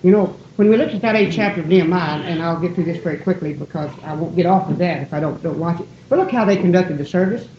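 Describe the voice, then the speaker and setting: A woman preaching a sermon in a church, folksy and digressive, often breaking off and gently poking fun at herself. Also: on the low side, fast, hardly any pauses, noisy background. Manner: digressive, folksy, self-deprecating. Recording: roomy, dull lo-fi church recording.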